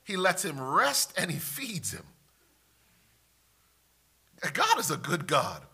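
A man preaching a sermon, emphatic, swinging from loud declarations to hushed asides and reading scripture in old-fashioned wording. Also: a little high, wildly swooping pitch, slow pace, breathy edge.

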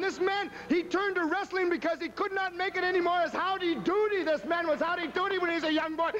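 A man in a wrestling promo, bragging and taunting his rival in a strained, very high voice. The sound is dull and muffled, like footage from old broadcast TV with a faint hiss. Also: pushed and bright. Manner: boastful, taunting, calls everyone brother. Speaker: pro wrestler.

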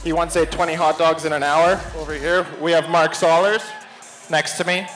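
A young man giving a casual, deadpan-joking acceptance speech for his crew. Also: on the high side, normal speed, faint music behind. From Canada. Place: bar at an awards night.

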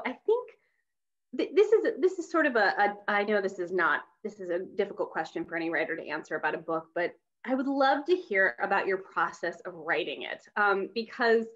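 Rambling woman interviewer on lo-fi call audio. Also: mid-range voice. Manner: rambling, many fillers, enthusiastic. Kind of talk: casual conversation.

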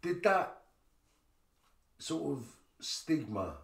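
A man's voice: on the high side, sing-song, drawn-out words, gravelly, roomy sound, distant mic. A man hosting a podcast, asking blunt, chatty questions in a casual interview. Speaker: podcast host.

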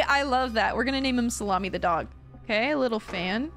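High, lively young woman streamer. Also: fast, soft background music. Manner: jumpy, swears often, bursts into shrieking laughter. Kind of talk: live horror gameplay commentary.

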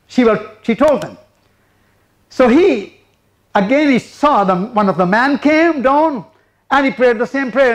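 A man preaching a sermon, retelling a testimony and acting out the people in it. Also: very high-pitched. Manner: retells a story, acting out the speakers in it.

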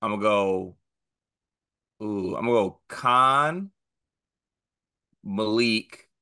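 A man with a low voice and a bright, forceful edge chats about basketball in a relaxed way. He drops joking self-digs between his picks. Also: takes it slowly, smooth. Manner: laid-back, joking self-mockery. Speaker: podcast co-host. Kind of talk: casual sports talk.

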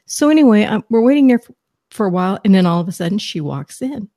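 A middle-aged woman, a guest psychic medium, telling a story in an animated, excitable, rambling way on a talk show. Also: medium pitch, fast talker, no echo, clean studio sound.

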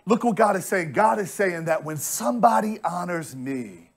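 Casting: American male preacher, high-ish voice, emphatic and repetitive sermon delivery. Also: animated, normal speed, creaky. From United States. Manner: emphatic storytelling, repeats words when pressing a point. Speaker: pastor.

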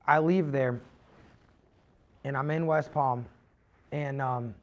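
A man's voice: mid-range voice, steady tone, slow. A young man telling his own story on a podcast, earnest and confessional, rambling with many fillers and restarts. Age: young adult. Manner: rambling, heavy use of "like" and restarts. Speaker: podcast guest.

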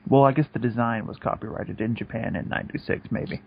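A husky young man swears his way through a casual podcast chat with a relaxed, joking ease. His voice sits at a middle pitch and comes through on dull, muffled lo-fi audio. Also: brisk. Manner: profane, laid-back, joking. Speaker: podcast co-host.

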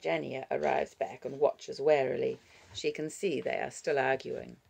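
Woman audiobook narrator; low, gravelly voice, measured and expressive. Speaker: audiobook reader. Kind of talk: scripted narration.

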